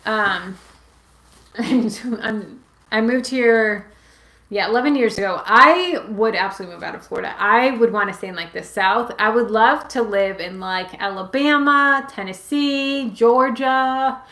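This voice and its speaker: In her late twenties and from Massachusetts, this channel host rambles through viewer questions during a casual live Q&A from home, her pets nearby, dropping plenty of "like" and "um." Her voice sits on the high side with a fairly bright tone and a measured pace. It's picked up by a webcam or phone on a livestream in an echoey room.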